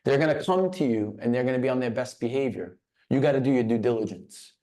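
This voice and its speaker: Man, mid-pitched voice, business speaker, storytelling, repeats words. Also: lively intonation, quick pace, mellow. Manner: storytelling, repeats words when starting phrases. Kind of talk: motivational talk.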